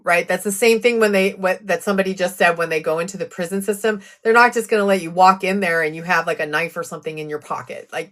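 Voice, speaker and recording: A woman's voice: mid-range voice, a bit bright. A woman hosting a live true crime stream, chatting casually about a court case and answering viewer comments with sarcastic asides.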